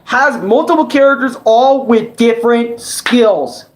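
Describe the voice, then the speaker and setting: A young man ranting casually about a video game, rambling, excitable and swearing a lot. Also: extremely high pitch, unhurried. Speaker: gaming vlogger. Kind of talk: casual game review rant. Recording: roomy echo.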